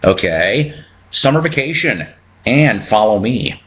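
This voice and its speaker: Brief: jokey male record collector, lowish voice that swings up and down a lot, muffled lo-fi sound. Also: sing-song, slow pace. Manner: chatty, jokey, reads out record labels. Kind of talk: casual show-and-tell vlog.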